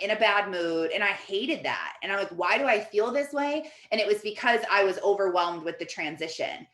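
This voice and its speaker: A woman coach speaks to her team in a loose, chatty way, sprinkling "like" through her sentences. Her voice sits at a middle pitch. The room around her is echoey. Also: a bit bright. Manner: chatty, fills with "like". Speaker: Christian life coach. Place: office.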